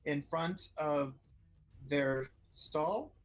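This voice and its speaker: A man runs a tabletop game, narrating in a slow, unhurried way and filling pauses with hesitations. His voice sits a touch high. Faint background music plays under him. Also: highs cut off. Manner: slow, hesitant, many fillers. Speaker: game master.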